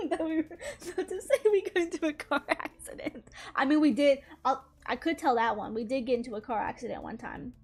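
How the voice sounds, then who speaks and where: Brief: young Southern woman, high voice, chatty storytime streamer, laughs a lot, faint music under her. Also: a little mellow. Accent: Southern American. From Southern United States. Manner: chatty, laughs often, lots of "like" and "dude". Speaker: streamer telling a story while drawing. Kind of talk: casual storytime chat.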